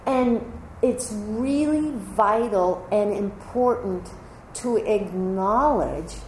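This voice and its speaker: A woman meditation teacher giving a Buddhist dharma talk to a live group, reflective and conversational, pausing and restarting as she speaks. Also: a little high, darkish tone. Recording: echoey room with faint ambient noise.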